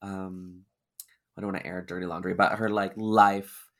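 A man's voice: low-pitched, little pitch movement, moderate pace. A man from Washington State, a drag performer appearing as a podcast guest, chatting casually in a rambling, self-deprecating way. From Washington State, USA. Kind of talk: casual chat.

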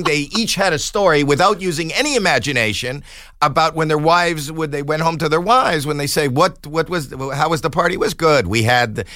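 Recorded dry at studio quality, a middle-aged man with a slightly high voice tells a story as a comedian guest on a podcast. He's animated and laughs often, quoting the people in his anecdote with put-on voices.

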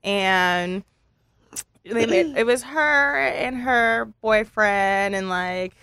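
A woman's voice: mid-range voice, drawn-out words, fairly bright tone, clear, resonant tone, dry recording, clean studio sound. A woman co-hosting a casual podcast, telling stories in a laid-back, slangy way with frequent laughs. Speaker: podcast co-host. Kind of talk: casual chat.

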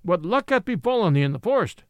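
A man's voice: high-pitched, very animated, quick pace, no echo. A man voicing a scheming, gloating sheriff in a storybook reading. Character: scheming gloating male sheriff, middle-aged.

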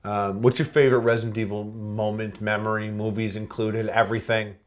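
Man, podcast host, casual chat, laughs a lot, quick impressions of quoted lines. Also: on the low side, little pitch movement. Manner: reads game quotes aloud with quick impressions, laughs often.

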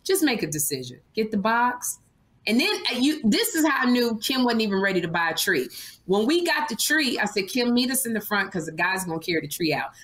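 A high, bright woman's voice that swoops all over as she co-hosts a comedy podcast. She ribs her friend with animated storytelling and acts out each person in the tale. Her delivery stays quick-witted and playful. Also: rough recording. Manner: animated, ribbing, acts out others. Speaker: podcast co-host. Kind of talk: comedic banter, teasing storytelling.

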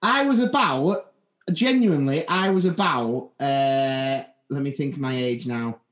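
A man's voice: mid-range voice, measured pace, a bit bright. A man co-hosting a podcast, rambling through funny anecdotes with lots of restarts. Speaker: podcast co-host. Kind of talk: casual chat. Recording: roomy echo.

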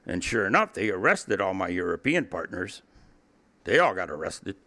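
A man's voice: low voice, very animated, moderate pace, sharp tone. An older man from Cuba, a guest in an interview, telling his story bluntly with profanity, frequent laughs and repeated words. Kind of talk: candid storytelling in a podcast interview.

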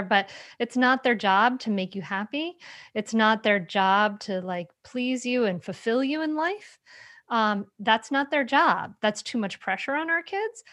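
A woman hosting a podcast interview, animated and speaking straight to her listeners. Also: medium pitch, a little slow. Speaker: podcast host. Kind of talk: conversational interview.

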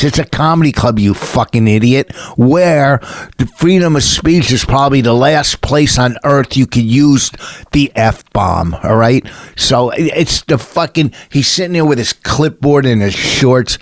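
A man's voice: medium pitch, a little slow, no room sound, studio quality. A man, a stand-up comedian, ranting in casual chat and swearing constantly as he tells a story. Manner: profane, ranting, heated storytelling.

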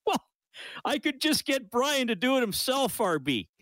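A man's voice: very high-pitched, wildly swooping pitch, takes it slowly, a bit bright, no echo. Chatty male sports radio host, dry studio. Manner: reads listener messages aloud, chatty, laughs often. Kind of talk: casual call-in sports radio chat. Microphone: studio microphone.

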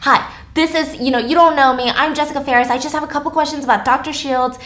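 A woman's voice: high-pitched, steady tone, fairly bright tone, echoey room. A woman voicing an anxious young female makeup artist who stammers and fires off questions. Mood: urgent. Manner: rushed, stammering, pushy questions.

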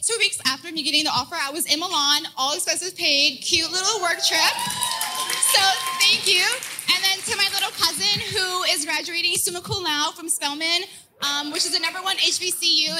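A woman's voice: extremely high pitch, steady tone, moderate pace, pushed and bright, a little hiss or hum. Chatty woman audience member at mic. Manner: chatty, filler-heavy. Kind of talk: live audience shout-out.

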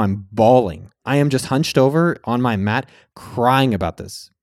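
A man's voice: medium pitch, a little mellow, no echo, studio quality. A man vlogging in a casual storytelling style. He speaks candidly, swears freely, and acts out his own past words.

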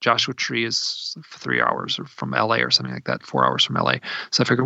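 Gravelly man telling a rambling story. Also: very deep voice, huge pitch swings, a little fast, hardly any pauses, bright, forceful tone, no room sound, muffled recording. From Idaho, USA. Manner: rambling, with many restarts and fillers. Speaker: guest telling a personal story. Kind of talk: casual storytelling.

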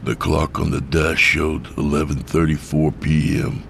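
A man narrating a horror story in a steady, measured way. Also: very deep voice, vocal fry, a little hiss or hum.

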